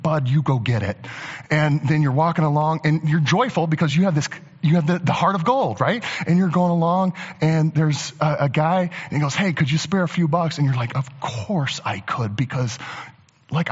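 A man preaching a sermon as a pastor, talking conversationally and building to animated emphasis. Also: mid-range voice, slightly rough. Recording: long church reverb, dull lo-fi sound.

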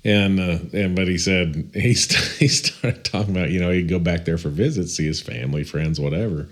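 A man co-hosting a casual podcast, talking in a relaxed, drawling way. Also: low-pitched, normal speed. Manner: relaxed, drawling, laughs easily. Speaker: podcast co-host.

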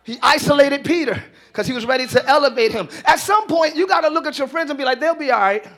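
High, bright-voiced man preaching. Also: lively intonation, quick pace. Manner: preaching with rising shouts and asides to the congregation. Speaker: pastor. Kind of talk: live sermon. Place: church.

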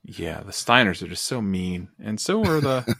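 Laid-back man with a low voice. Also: big pitch swings, normal speed, vocal fry, a bit bright, dry recording, studio quality. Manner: laid-back, laughs often, rambling asides. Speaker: podcast co-host. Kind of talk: casual wrestling recap chat.

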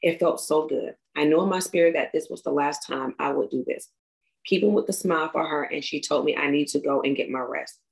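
A young woman reading a personal memorial tribute aloud, tearful and halting, stumbling and restarting as she goes. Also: deep voice, creaky, poor audio. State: tearful, crying.

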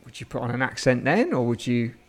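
A man's voice: medium pitch, very animated, fairly quick. A man co-hosting a casual comedy podcast chat, laid-back and giggly with hesitant starts. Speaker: podcast co-host.

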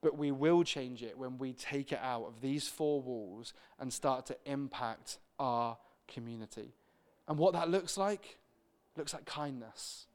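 A man's voice: medium pitch, unhurried, a little mellow, clean tone. A young British man preaching a sermon as pastor, telling chatty everyday stories and acting out the people he quotes. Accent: British English.

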